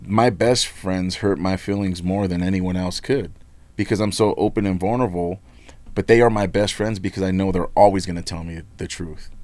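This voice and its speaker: The recording is dry, capturing a low-voiced, middle-aged union leader from Nevada speaking at a moderate pace. As a guest in a casual podcast interview, he comes across as candid and animated, blunt in his wording and prone to repeating himself.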